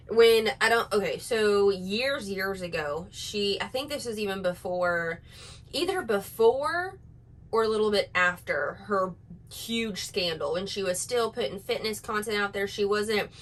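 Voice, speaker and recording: A woman's voice: medium pitch, a little slow, a bit bright, poor audio. A woman giving casual reaction commentary, sarcastic and exasperated, rambling with restarts. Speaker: commentary YouTuber.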